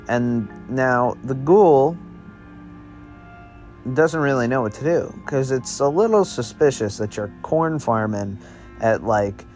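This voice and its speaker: Slow, rambling male storyteller. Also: mid-range voice. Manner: meandering, offhand, slangy. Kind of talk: improvised spooky story narration.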